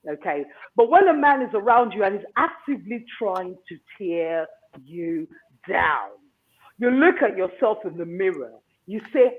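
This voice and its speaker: A man's voice: sits high, lively intonation, normal speed. A man hosting a talk show. He gives advice in an emphatic monologue and keeps asking "okay?". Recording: tinny phone-line sound.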